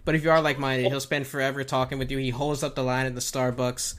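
A man co-hosting a casual comedy chat, telling animated stories and acting out quotes. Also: mid-range voice, fast. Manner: animated storytelling with acted-out quotes. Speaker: co-host.

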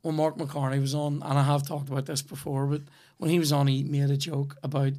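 Brisk and level in tone, this man's mid-range voice has a darkish quality. In his thirties and speaking with a Northern Irish accent, he hosts a podcast, chatting casually through long, meandering stories peppered with swearing.

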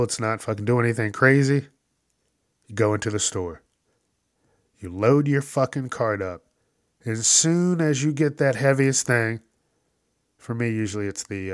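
A man's voice: fairly low pitch, no room sound. Profane ranting man, dry close mic. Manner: profane, ranting, acts out quoted exchanges. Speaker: podcast host. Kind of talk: casual solo rant.

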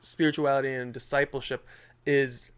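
A young man in his twenties, co-hosting a casual faith podcast, chatting and telling animated stories with many fillers. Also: medium pitch, normal speed, clear, resonant tone. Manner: animated storytelling with lots of filler. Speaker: podcast co-host. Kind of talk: casual chat.

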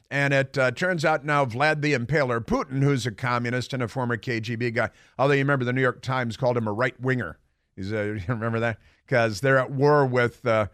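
A man's voice: mid-range voice, a bit bright, no room sound, studio quality. A man hosting a political talk radio show, delivering a combative, sarcastic, rambling monologue full of fillers.

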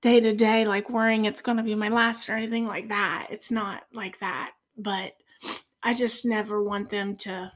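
A woman in her forties, a podcast guest, telling a personal faith testimony in an earnest, soft-spoken way that sometimes drops almost to a whisper. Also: mid-range voice, flat delivery, normal speed. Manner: earnest, tearful at moments.

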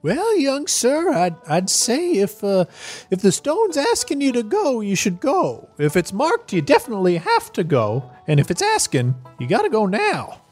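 A game master voicing a friendly, waddling shipmate who gently urges a boy forward, with folksy stumbles. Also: mid-range voice, huge pitch swings, normal speed, breathy edge, faint music behind, pitched above the performer's own voice. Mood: encouraging. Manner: folksy, encouraging, hesitant restarts.

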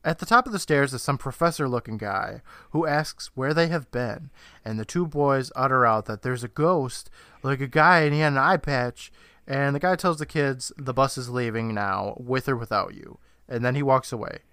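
A man co-hosting a podcast, casually recapping a TV episode with frequent laughter, swearing and quick impressions of the characters. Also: medium pitch, fairly bright tone, smooth, dry recording, studio quality. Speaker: podcast co-host.

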